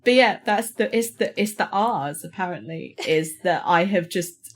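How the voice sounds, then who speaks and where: A woman's voice: fairly low pitch, animated, normal speed, hardly any pauses. A woman from Somerset with a British English accent, co-hosting a podcast in casual chat, laughing often and mocking herself. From Somerset, England. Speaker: podcast co-host.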